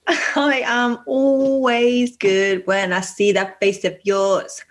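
A woman's voice: fairly high pitch, flat delivery, takes it slowly. A woman co-hosting a radio dating show, bubbly and giggly, joking and teasing her co-host. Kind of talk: playful banter.

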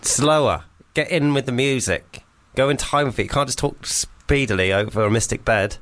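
A man's voice: mid-range voice, normal speed, a bit bright. A man, co-hosting a radio show with jokey, giggly banter in a studio. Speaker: radio co-host.

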